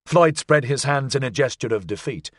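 A man reading a novel aloud as narrator, measured and expressive. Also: mid-range voice, no echo, studio quality. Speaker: audiobook narrator. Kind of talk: scripted narration.

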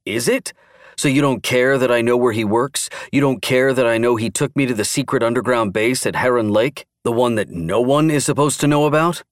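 A man's voice: medium pitch, fairly quick, dry recording, clean studio sound, lightly acted. A man voicing a male captive who keeps his shaky voice assertive while bluffing, in an audiobook. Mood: defiant. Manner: assertive, clipped, faintly shaky. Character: composed male captive bluffing under pressure.

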